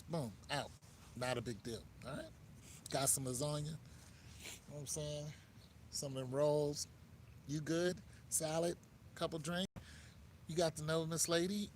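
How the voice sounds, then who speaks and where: American guy riffing on dating advice, kinda high voice, chill and jokey, faint hiss behind. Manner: laid-back, joking, talks straight to the listener. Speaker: host giving dating advice. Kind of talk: casual monologue.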